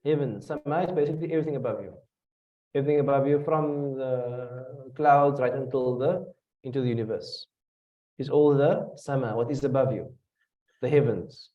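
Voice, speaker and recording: South African man teaching, distant and dull. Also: on the high side. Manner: asks students questions, repeats and restarts while explaining. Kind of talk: classroom tafsir lesson. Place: classroom. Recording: dull lo-fi classroom recording from a distance.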